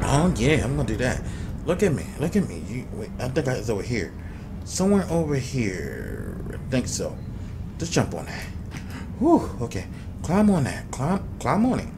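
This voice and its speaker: A young man, a gaming YouTuber, gives let's play commentary on a game he's playing, talking both to the game and to his viewers and swearing a lot. His voice is medium in pitch, and the background is noisy.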